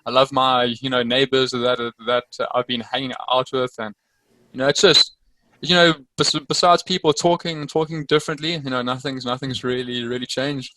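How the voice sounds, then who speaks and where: A man's voice: medium pitch, fairly even intonation, moderate pace, sharp tone, slight background noise, rough recording. A man from Africa, a guest in a casual interview, talking hesitantly with many fillers.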